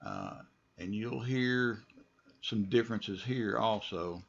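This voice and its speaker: A man leads a pronunciation lesson, drawing out each model word slowly so learners can repeat it. His voice sits low and carries a gravelly edge. The sound is dull and lo-fi. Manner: slow, deliberate model words, relaxed asides. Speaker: English pronunciation teacher.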